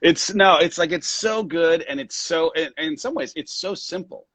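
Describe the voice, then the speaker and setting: A man's voice: on the high side, moderate pace, fairly bright tone, dry recording. A man hosting a live video call interview, asking questions and affirming his guest with enthusiasm. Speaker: host. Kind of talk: casual conversation.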